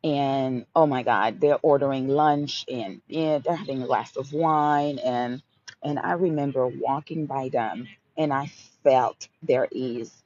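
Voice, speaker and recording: On a muffled recording with a little hiss or hum, a woman with a Haitian accent speaks a little slowly in a rumbling low, slightly mellow voice. Hosting a motivational livestream Q&A, she delivers emphatic, repeated affirming mantras and calls listeners honey and baby.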